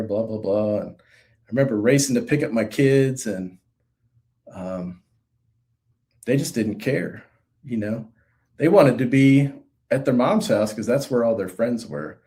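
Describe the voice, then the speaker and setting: A middle-aged man tells his own story of recovery in a mellow, warm voice. He speaks earnestly and haltingly, with pauses and fillers, at a middling pitch. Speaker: guest sharing recovery story. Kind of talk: reflective personal testimony.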